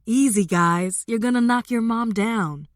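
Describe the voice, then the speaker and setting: A woman voicing a young single mother who is guarded but lively with her family. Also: on the high side, a little slow, no echo, studio quality, voice pushed up, natural voice. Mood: brisk.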